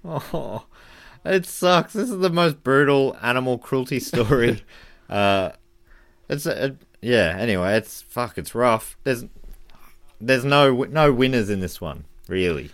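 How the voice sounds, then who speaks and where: A man's voice: medium pitch, animated, measured pace, a bit bright. A man co-hosting a podcast, chatting casually and making wry comments. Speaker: podcast co-host.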